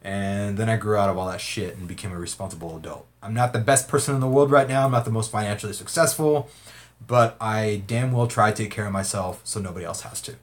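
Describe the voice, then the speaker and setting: A man's voice: on the low side, fairly even intonation, quick pace. A man hosting a casual livestream, reading viewer comments aloud in a rambling way, often laughing and swearing.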